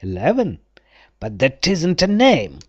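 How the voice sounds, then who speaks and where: A woman voicing a kindly, caring mother in a storybook, gentle and motherly. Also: low voice, huge pitch swings, unhurried, slightly rough, no room sound, lo-fi sound, pitched above the performer's own voice, heavily acted.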